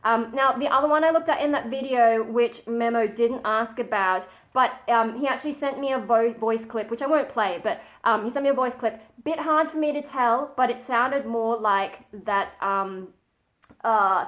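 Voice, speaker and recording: Chatty woman with a high voice, teaching at home. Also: normal speed, fairly bright tone. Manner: chatty and modest, breaks off to demonstrate sighs and growls. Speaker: metal vocal tutorial presenter. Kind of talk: casual spoken tutorial.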